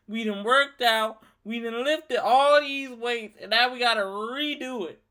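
A young man in his twenties from Louisiana, hosting a solo podcast and telling a story in a heated, profane, animated rant. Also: very high-pitched, measured pace, hardly any pauses. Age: 20s. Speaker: podcast host. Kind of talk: ranting solo monologue.

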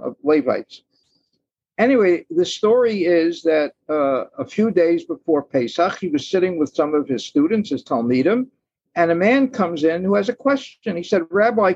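A man's voice: fairly high pitch, a little mellow, slightly rough, dry recording, lo-fi sound. A man telling stories as a guest on a podcast interview, thoughtful, acting out the lines of the people in them. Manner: thoughtful storyteller, acts out quoted lines. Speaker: guest author.

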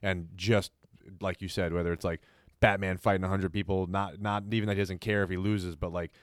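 A man's voice: deep voice, level tone, fairly quick, no room sound, studio quality. A man in casual chat, musing reflectively about motivation with many "like" fillers.

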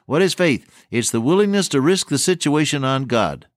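A man preaching a sermon earnestly and emphatically, slowing down to stress key words and quoting old-fashioned scripture phrasing. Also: on the high side, animated, dry recording, studio quality.

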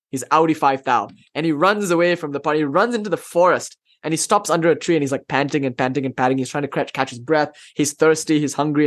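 Animated, slangy male lecturer. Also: fairly high pitch. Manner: casual and slangy, with bursts of swearing and laughter; animated retelling of a legend. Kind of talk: storytelling lecture.

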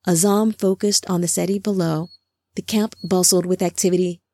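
Woman narrator, audiobook, low voice, dry close sound, steady reading. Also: normal speed, dry recording.

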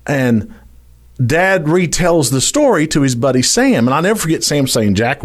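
Folksy Louisiana storyteller, male, lively pitch. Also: normal speed. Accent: Louisiana Southern US. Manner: folksy, dramatic, addresses listeners as y'all. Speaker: storyteller guest. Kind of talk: animated storytelling.

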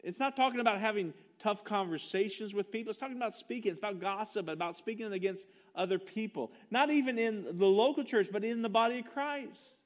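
A man's voice: high voice, fairly quick, few pauses. A man preaching a sermon, emphatic and passionate, firing rhetorical questions at his congregation. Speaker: pastor.

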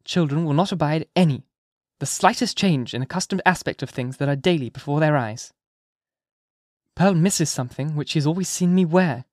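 A man's voice: a little high, normal speed, darkish tone, no echo, studio quality, lightly acted. A man voicing a troubled young mother who speaks in a raised, pleading tone.

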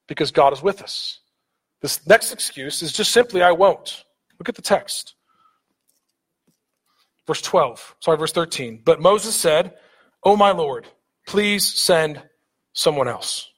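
A man with a high, light voice preaches a sermon. He talks earnestly, stumbling over repeated words and lifting his voice when he drives a point home. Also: a bit bright. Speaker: pastor.

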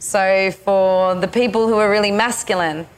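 Woman, spiritual teacher, retreat session, slow halting delivery, middle pitch. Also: fairly even intonation, clean tone. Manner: slow, halting, with many pauses.

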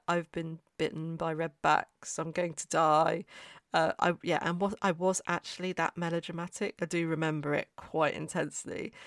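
Gravelly, chatty, self-deprecating, casual storytelling. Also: mid-range voice, dry recording, studio quality. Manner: chatty, self-mocking, trails off and restarts. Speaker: podcaster.

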